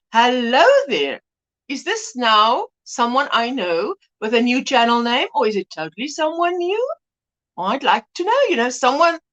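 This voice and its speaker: Woman hosting a chatty livestream, high voice bouncing all over, says hi to everyone by name. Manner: warm, chatty, greets viewers by name, laughs often. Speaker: livestream host. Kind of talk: casual livestream chat greeting viewers.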